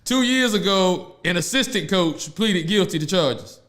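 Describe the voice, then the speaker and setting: A man with a high voice chats on a podcast, spinning animated stories and laughing between lines. The room around him is echoey. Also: measured pace. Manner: animated storyteller, laughs often, Southern slang. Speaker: podcast host. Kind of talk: casual podcast chat.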